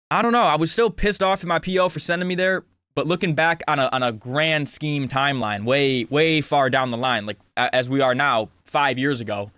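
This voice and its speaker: A man's voice: a little high, bright, forceful tone, dry recording. A man in his twenties with an earnest, casual way of talking who gives life advice in a vlog, full of "like" and restarts. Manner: earnest, talks with lots of "like" and restarts. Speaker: vlogger. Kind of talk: casual motivational monologue.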